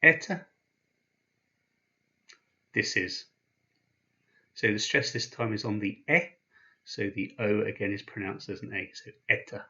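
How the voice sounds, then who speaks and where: A man teaching a language lesson, patient and slow, pausing after each sound he spells out. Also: fairly low pitch, little pitch movement, bright, forceful tone, highs cut off. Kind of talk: explaining slowly, with pauses.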